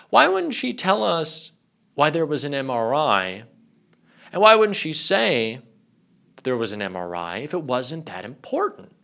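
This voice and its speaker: A male political commentator in sarcastic, profane reaction mode. His pitch moves widely as he mocks his subject, at an ordinary middle pitch. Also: creaky, a bit bright.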